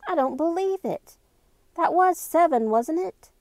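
A woman's voice: mid-range voice, takes it slowly, mellow, dry recording, close to an everyday voice. A woman voicing an earnest, determined teenage girl who declaims rehearsed lines with growing intensity, in a storybook reading. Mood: dismayed.

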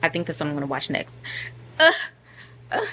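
Her voice is low and a little fast against slight background noise. The thirtysomething vlogger sits on her couch at home, talking to viewers in a chatty, animated way.

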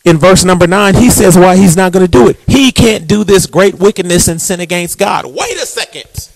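Man, pastor, fiery call-and-response sermon, high voice, dry close sound. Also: gravelly, no room sound. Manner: dramatic, call-and-response preaching with shouted peaks and sung phrases; slips into a low, quick storytelling voice.

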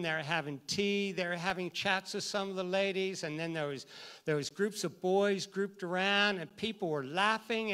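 A male teacher tells a story to an audience with a lively, animated delivery. His voice sits a little high, and he jumps into the voices of the people in the tale. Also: smooth. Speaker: teacher and guest speaker. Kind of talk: storytelling talk.

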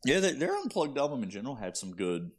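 Wisecracking young man, lively pitch. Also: fast talker, breathy edge. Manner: dry, wisecracking. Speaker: podcast co-host. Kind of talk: casual chat.

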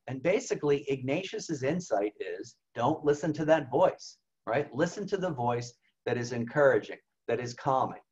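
Priest, mid-pitched male voice, chatty teaching delivery, muffled video-call sound. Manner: conversational, frequent "okay?" and "right?" check-ins. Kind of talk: informal spiritual talk. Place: home over video call. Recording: slightly dull video call audio.

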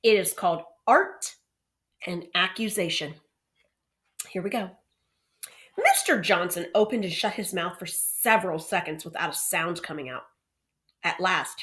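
A woman's voice: on the low side, lively intonation, measured pace, long pauses, a bit bright. A woman reading a children's novel aloud, with chatty asides between passages. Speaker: reader.

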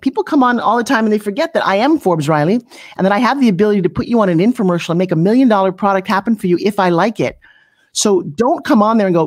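A middle-aged woman coaching people on pitching in an interview, brash and punchy, often slipping into mocking voices. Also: lively intonation, fast, darkish tone. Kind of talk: energetic motivational coaching talk.

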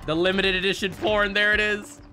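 A young man streaming a game live, reacting excitably with jokes and frequent swearing. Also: high voice, brisk, soft background music. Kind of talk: live gameplay commentary.

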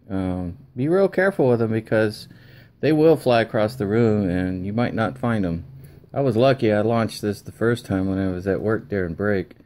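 A man's voice: fairly low pitch, darkish tone. Chatty man explaining a workbench repair. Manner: chatty, folksy, thinking aloud while working. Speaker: electronics repair hobbyist. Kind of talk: casual repair tutorial. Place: home workbench.

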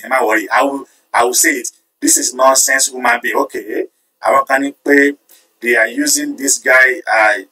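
A man hosting a live stream, reading viewer comments aloud and tallying their votes in an animated way. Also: mid-range voice, far from the mic, poor audio. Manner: animated, switching between Yoruba and English, counting votes aloud. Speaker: livestream host.

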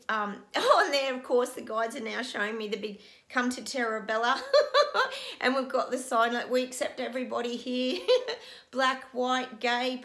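A woman's voice: a little high, fairly bright tone. A middle-aged woman vlogging as a psychic, emotional and breathless, laughing often and near tears. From Australia. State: overwhelmed, teary. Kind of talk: casual video monologue.

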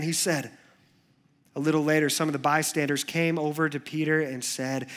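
A man preaching a sermon in church, conversational, moving between animated asides and hushed, earnest passages. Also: fairly high pitch, a little fast. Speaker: pastor.

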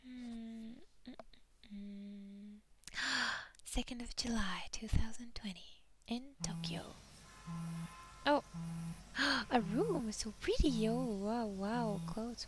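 A woman's voice: a little high, slow, noisy background. A woman hosting a let's play, reading a visual novel aloud and gushing over it with playful asides.

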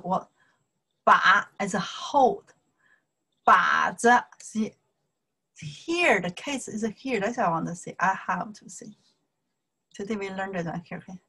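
A woman teaching Chinese in a slow lesson, drawing out syllables and checking in with "okay" all the time, in simple English as a native Chinese speaker. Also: mid-range voice, fairly bright tone, breathy edge, low-quality recording. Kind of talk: slow whiteboard language lesson.

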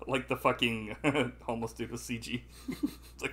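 A man's voice: mid-range voice, big pitch swings, slow pace, pauses often, bright, forceful tone, husky. A man co-hosting a casual podcast movie review, talking loosely with lots of swearing and laughter. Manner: loose, profane, laughs often, acts out movie lines. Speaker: podcast co-host.

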